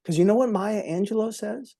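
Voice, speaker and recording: A man's voice: high voice, fairly quick, gravelly, mellow, no echo, clean studio sound. A man as a motivational speaker, telling stories in an interview in an earnest, emphatic way, often repeating words for effect. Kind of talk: storytelling in an interview.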